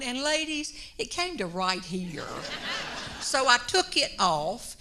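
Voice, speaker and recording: A woman telling a self-deprecating comic story to an audience in an animated way. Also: sits high, measured pace. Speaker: humorous speaker.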